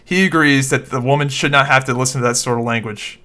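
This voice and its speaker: Bright, easygoing male co-host. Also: medium pitch, fast. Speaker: podcast co-host. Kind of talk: casual podcast chat.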